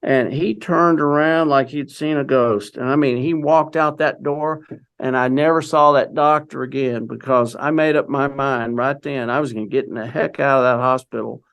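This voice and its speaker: An older man with a gravelly edge sits as an interview guest, spinning a long personal story. He talks loosely and rambles, circling back with "you know" and restarting his thoughts, at an ordinary middle pitch. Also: fairly even intonation, moderate pace, a bit bright. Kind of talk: conversational storytelling.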